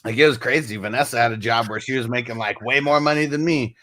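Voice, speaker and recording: A man co-hosting a podcast, relaxed and agreeable, swearing casually. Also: medium pitch, fast, no echo. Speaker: podcast co-host. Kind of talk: casual chat.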